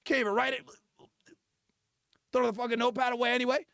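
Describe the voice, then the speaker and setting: A man's voice: very high-pitched, flat delivery, vocal fry, a bit bright, no echo, studio quality. Man in a crude, mocking rant. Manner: mocking, crude, rapid storytelling. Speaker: podcast host. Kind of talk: profane comedic rant.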